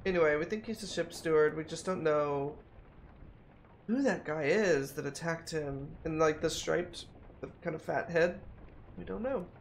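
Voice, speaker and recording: At a moderate pace, a creaky, medium-pitched voice works through a mystery game in casual think-aloud commentary. The streamer keeps musing and circling back over the same points, with a little noise in the background.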